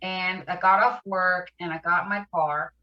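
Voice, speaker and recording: A woman, a podcast guest, recounting her past addiction in a halting, emotional way, fighting back tears. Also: fairly low pitch, fairly even intonation, roomy sound, highs cut off. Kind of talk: personal recovery story in an interview.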